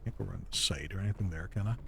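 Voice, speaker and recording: A man's voice: low-pitched, rapid-fire, vocal fry, pushed and bright, faint music behind. A man with a Northern Irish Derry accent streaming a game live, thinking aloud in a chatty way and swearing casually. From Northern Ireland. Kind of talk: casual live gameplay commentary.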